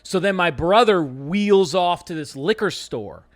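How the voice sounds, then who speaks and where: Young adult male co-host, higher-pitched, rambling anecdotal storyteller. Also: animated, measured pace. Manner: rambling anecdotal, swears casually, acts out quotes. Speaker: podcast co-host. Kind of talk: casual storytelling chat.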